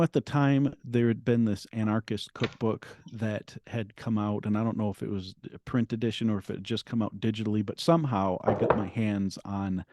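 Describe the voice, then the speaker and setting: A middle-aged man, a guest author, telling his story in an interview in an earnest, halting way with frequent restarts. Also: on the low side, a little mellow.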